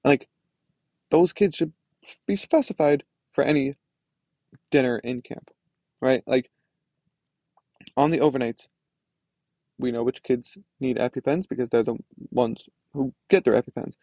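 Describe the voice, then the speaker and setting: A man's voice: mid-range voice, measured pace, long pauses, mellow, no echo. A young man hosting a solo podcast, telling a frustrated story in a casual, rambling way full of fillers. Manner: ranting, frustrated, many "like" fillers. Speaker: podcast host.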